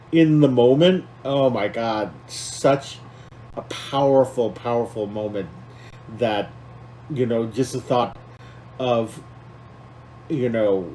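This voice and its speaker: A man's voice: lowish voice, a little mellow, a little hiss or hum, rough recording. A man co-hosting a podcast, talking casually and with feeling, rambling with many fillers and restarts. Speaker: podcast co-host.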